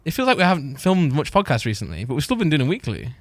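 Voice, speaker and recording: A young man with a very lively voice that keeps leaping up high as he gets excited. He talks fast and laughs often while telling stories. The sound is close and dry. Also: no room sound. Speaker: podcast co-host. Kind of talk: casual chat.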